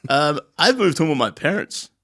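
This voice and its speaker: A man's voice: a little high, very animated, normal speed, bright, forceful tone. A young man, telling stories on a podcast with lots of swearing and acted-out quotes. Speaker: podcast co-host. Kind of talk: casual chat.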